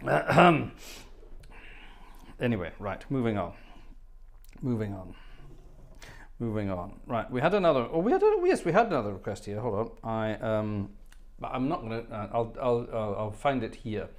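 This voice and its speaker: Scottish-born guy hosting a livestream, rambly storyteller, average pitch. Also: very animated, normal speed, long pauses, a little hiss or hum. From Scotland. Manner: chatty anecdotal storyteller, reads out comments. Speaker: livestream host and organist. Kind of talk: casual chat with viewers.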